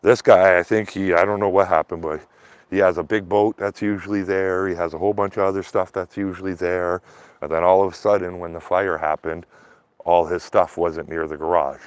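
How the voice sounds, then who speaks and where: A man with a fairly low voice chats casually outdoors in a neighborhood, filming on a handheld phone. His talk is rambling and loose, full of fillers, restarts and half-finished thoughts. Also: steady tone, fairly quick, smooth, no echo. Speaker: street vlogger filming outdoors. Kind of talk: casual rambling vlog commentary.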